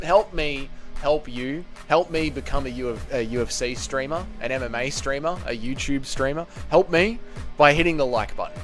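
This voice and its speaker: Australian male streamer, casual and profane, mid-pitched voice, soft music in the background. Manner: swearing, chatty, greets viewers by name. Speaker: livestream host. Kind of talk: casual livestream chat. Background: faint music playing.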